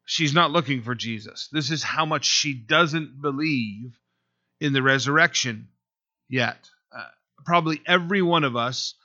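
A man preaching an expository sermon as a pastor, speaking earnestly and conversationally, pausing often as he works through the passage. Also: mid-range voice, pushed and bright, lo-fi sound.

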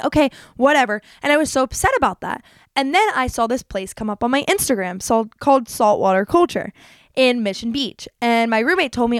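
A woman's voice: fairly high pitch, a little fast, no echo, clean studio sound. A young woman hosting a podcast, talking candidly and casually about her life, with a chatty manner. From New Jersey. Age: young adult. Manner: chatty, candid, lively with quoted voices. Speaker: podcast host. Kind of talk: casual confessional monologue.

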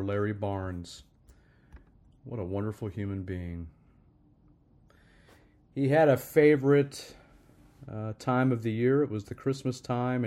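Soft-spoken reflective male host. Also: on the low side. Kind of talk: casual show talk and reading aloud.

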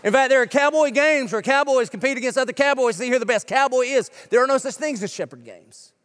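A middle-aged male pastor preaching a sermon in a church, joking and punchy, firing off quick lists. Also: extremely high pitch, fairly bright tone, in a large hall. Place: church sanctuary.

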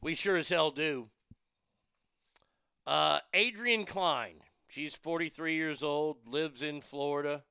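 Male podcast host, crude ranting comic, slightly high voice with a smooth ring. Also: takes it slowly, sharp tone, dry recording, clean studio sound. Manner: profane, outraged and mocking. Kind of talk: crude comedic news rant.

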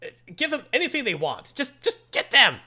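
A gloating teen-boy villain with a bratty, whiny edge, put on by a man. He sits high and lively, swooping up and down as he taunts, with a bright, sharp tone. It is a comic-book brat told aloud. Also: fairly quick, husky, exaggerated voice. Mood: shrill demanding.

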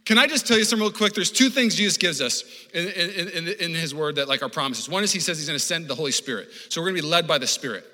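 A male pastor delivers a lively sermon at a quick clip, his voice forceful and somewhat high. He talks conversationally, stumbling and restarting, and acts out the people he quotes. The church room adds a long trailing reverb. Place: church auditorium.

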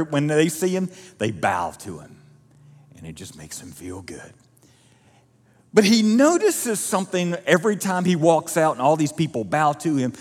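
A man preaching a sermon as pastor, telling the story with lively acted-out dialogue. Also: medium pitch, in a large hall. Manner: animated storytelling, acting out quoted voices. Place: church auditorium.

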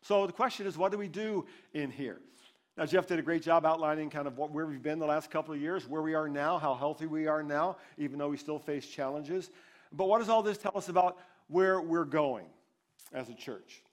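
Higher-voiced pastor, conversational sermon. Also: male voice, fairly quick. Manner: conversational, storytelling. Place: church service.

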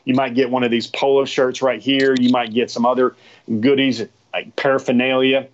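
A man's voice: medium pitch, level tone, moderate pace, highs cut off, a little hiss or hum. A man hosting a live stream, talking casually to his viewers in a rambling, chatty way that often repeats itself.

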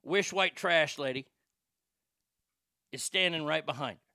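A man's voice: fairly high pitch, measured pace, bright, forceful tone, dry recording, studio quality. A man telling a crude, rambling, mocking story in a casual rant. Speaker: storyteller and prank caller.

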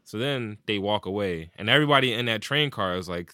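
A man's voice: lowish voice, animated, fast, bright, forceful tone, clean tone, no echo, studio quality. A man in casual chat, animatedly retelling stories and acting out what people said, with plenty of swearing.

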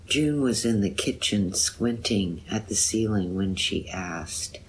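A woman reading her own poem aloud in a measured, deliberate way. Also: extremely low pitch, lively intonation, breathy edge. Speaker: poet. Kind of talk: poetry reading.

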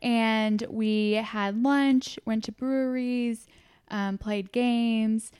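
A woman's voice: a little high, fairly even intonation, drawn-out words, darkish tone, clean tone, dry recording. A young woman co-hosting a podcast, chatting casually in a friendly way and asking her co-host questions. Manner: friendly, asks questions, reads the intro. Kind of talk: casual chat.

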